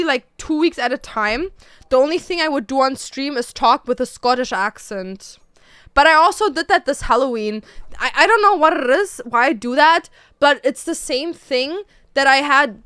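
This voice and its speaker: A woman's voice: sits high, fairly bright tone, clean tone, no room sound, studio quality. A young woman in her twenties chatting on a casual livestream from home, rambling and packing her talk with fillers. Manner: rambling, filler-heavy, with many "like"s. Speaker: streamer. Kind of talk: casual stream chat.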